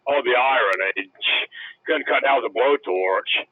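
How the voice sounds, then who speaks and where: A man's voice: medium pitch, moderate pace, slightly rough. A man calling in to a talk show, speaking sarcastically in a rambling way with swearing, over a phone line. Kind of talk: heated casual talk show chat.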